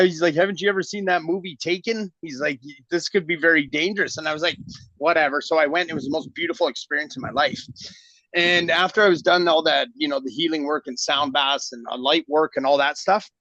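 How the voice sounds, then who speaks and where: A man's voice: on the high side, bright, forceful tone, dry recording. A middle-aged man from Canada, a guest telling a long story in a casual interview and acting out the dialogue. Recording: dull lo-fi audio.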